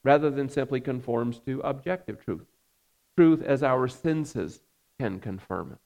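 A man preaching a sermon as pastor, earnest and measured, with frequent fillers. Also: mid-range voice, creaky, darkish tone.

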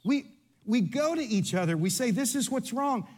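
A man preaching a sermon, animated and playful, joking with the congregation. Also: very high voice, normal speed. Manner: animated, playful, coaching volunteers on stage. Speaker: pastor.

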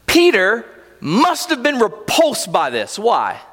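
A man's voice: high voice, wildly swooping pitch, slow, fairly bright tone, long reverb tail. A man preaching a sermon as a pastor, telling the story vividly and with animation.

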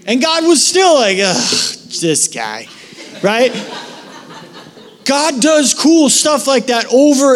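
A man with a high voice delivers a sermon like a story told to friends. He is a middle-aged pastor who keeps dropping quick, casual asides.

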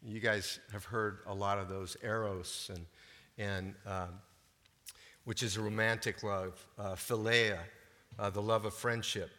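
Older man, pastor, conversational sermon, bright forward voice, long church-hall reverb. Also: on the low side, little pitch movement, unhurried. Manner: conversational, asks the congregation questions.

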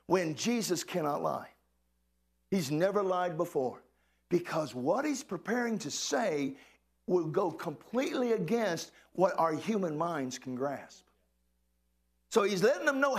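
A man's voice: sits high, very animated, measured pace, breathy edge. A male pastor preaching a sermon to a congregation, calling out questions and exclamations. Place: church hall with a congregation.

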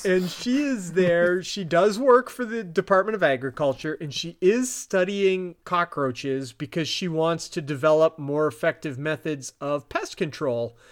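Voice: mid-range voice, a little slow, hardly any pauses. A podcast co-host in a casual chat, recapping a TV episode, laughing often and quoting the characters' lines. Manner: giggly, retells scenes by quoting characters.

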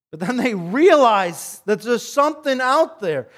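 A man preaching a sermon, telling a story with animation and swinging between loud and soft passages. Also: high voice, expressive, fast talker, hardly any pauses. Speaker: pastor.

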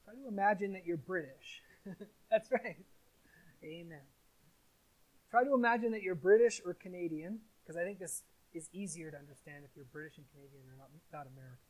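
A man preaching a sermon, putting stress on his words, slowing on key phrases and putting questions to his listeners. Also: high-pitched. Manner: emphatic, asks the listeners rhetorical questions.

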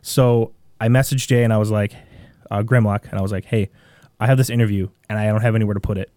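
A man with a Midwestern American accent, a podcast guest telling a long story in a rambling, animated way with many restarts. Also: fairly low pitch, fast, dry recording. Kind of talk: casual storytelling.

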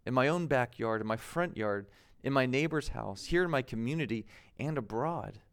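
A man's voice: mid-range voice, expressive, normal speed, clear, resonant tone. A man in his thirties from the United States, preaching a conversational sermon as pastor, laughing at himself now and then.

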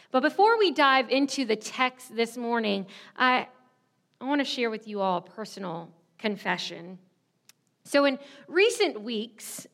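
A woman's voice: fairly high pitch, a bit bright. A woman in her thirties preaching a sermon, telling a candid personal story in a self-deprecating way. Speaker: pastor.

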